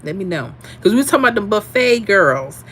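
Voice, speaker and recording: Sassy, animated woman livestream host. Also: medium pitch, brisk, slight background noise. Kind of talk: casual livestream chat reading comments.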